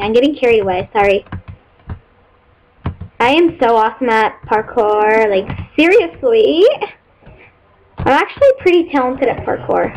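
A woman casually commenting on her own gameplay, excitable and rambling, squealing and whooping when thrilled. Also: fairly high pitch, a little slow, pauses often, soft background music. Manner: rambling, many fillers. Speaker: gaming channel host. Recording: dull lo-fi mic with faint hiss.

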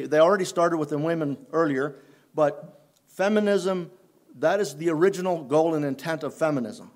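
A man preaching a sermon in church, unhurried and halting, often restarting his phrases. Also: fairly high pitch, a little mellow. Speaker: pastor.

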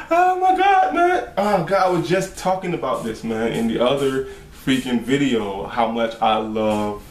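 A man hosting a casual reaction video, talking in an excitable, slangy way and laughing often. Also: medium pitch, unhurried, hardly any pauses, echoey room.

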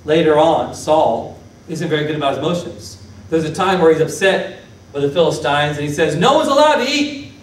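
A man preaching as pastor, lively, questioning his congregation and acting out Bible figures. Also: fairly high pitch, a little fast, a little hiss or hum. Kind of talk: sermon. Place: church sanctuary. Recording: echoey church hall from a distance.

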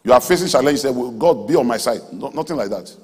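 Husky preacher man, booming in a hall. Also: lively intonation, fast talker. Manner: emphatic, swings between soft asides and loud exhortation. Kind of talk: sermon. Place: large auditorium. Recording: hall reverb from a large auditorium.

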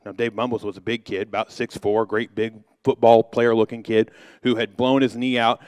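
Male pastor, middle-aged, storytelling sermon, humorous and rambling, smooth clear voice, dry close sound. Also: medium pitch, flat delivery, moderate pace, darkish tone, dry recording. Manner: humorous, anecdotal, loose with fillers.

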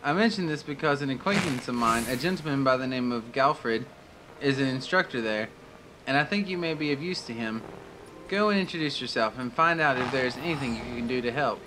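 A man's voice: medium pitch, lively intonation, fairly quick, background noise, lightly acted. A man reading out a courteous quest giver's formal instructions. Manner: formal, explanatory.

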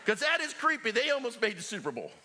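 A middle-aged male pastor preaching a sermon in a church, joking with the congregation and swinging from loud calls to near whispers. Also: extremely high pitch, fast talker, slight background noise. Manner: animated, joking preacher with big swings in loudness. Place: church sanctuary.

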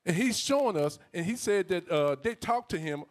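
A man in casual commentary, presenting a photo to the congregation, talking in an excited way. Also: high voice, normal speed. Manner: laughing, excited. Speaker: church captain.

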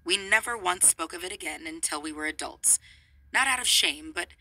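A woman reading a memoir aloud in an expressive way, adding amused asides. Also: on the low side, normal speed, dry recording, poor audio. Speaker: reader.

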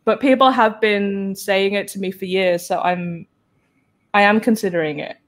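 A woman's voice: mid-range voice, normal speed. A woman hosting a casual live-stream chat, talking freely, laughing often and acting out her own reactions in quoted asides. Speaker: host.

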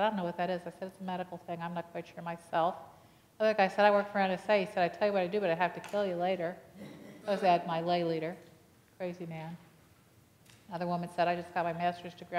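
A woman's voice: lowish voice, a little mellow. A woman pastor preaching a sermon, telling a personal story with acted-out dialogue and putting questions to the congregation. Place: church sanctuary. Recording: long reverb of a church hall.

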